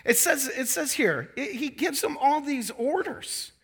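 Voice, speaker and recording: A pastor in his thirties preaches a sermon in a very high-pitched voice at a measured pace. He is animated and joking, acting out quotes in changing voices.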